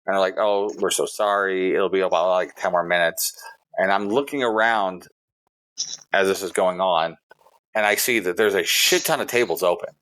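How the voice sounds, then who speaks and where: Low-voiced man telling a heated story. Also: normal speed, a bit bright. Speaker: podcast co-host. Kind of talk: casual podcast chat.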